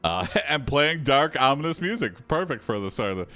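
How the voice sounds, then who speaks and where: Animated, joking male streamer. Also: medium pitch, moderate pace, few pauses. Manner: joking, reactive, laughs often. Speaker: host and game player. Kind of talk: live-streamed game commentary.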